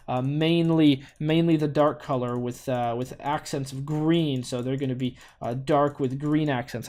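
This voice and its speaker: A man hosting a gaming channel, giving a playful mock art tutorial with halting restarts and cheerful self-praise. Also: medium pitch, darkish tone. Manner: halting, many restarts, cheerfully praises his own work.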